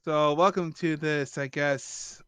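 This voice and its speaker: A man's voice: fairly high pitch, steady tone, takes it slowly, a bit bright, smooth, no room sound. A man hosting a casual podcast, rambling with lots of fillers. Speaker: podcast host.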